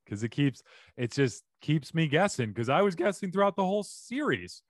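A podcast co-host in casual comedic chat, animated and quick to laugh. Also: medium pitch, no echo, studio quality. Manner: animated, laughs often, slips into goofy impressions.

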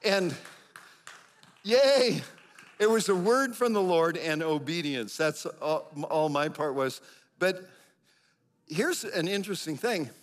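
A middle-aged man preaching, a pastor telling a lively personal story in sermon style. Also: takes it slowly, long pauses. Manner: animated storyteller, acts out quotes with big pitch jumps.

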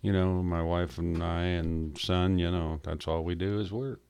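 A man's voice: deep voice, level tone, measured pace, darkish tone, clean tone. A man co-hosting a radio chat, making dry, matter-of-fact remarks. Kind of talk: casual on-air chat.

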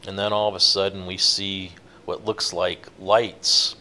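A man telling a long fishing-boat story in a relaxed, rambling interview, with many fillers. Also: low-pitched, measured pace. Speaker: guest, offshore fishing boat captain.

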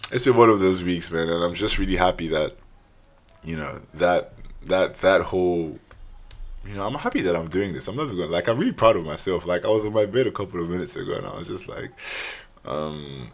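A young man hosts his own podcast, delivering a solo monologue in an earnest, casual way. His low voice is animated and brisk, and he often says "man" and restarts his sentences.

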